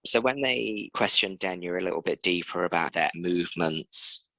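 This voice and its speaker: A man's voice: sits low, moderate pace, pushed and bright, no echo, low-quality recording. A man co-hosting a podcast, telling a true crime story casually with jokes and swearing. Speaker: podcast co-host.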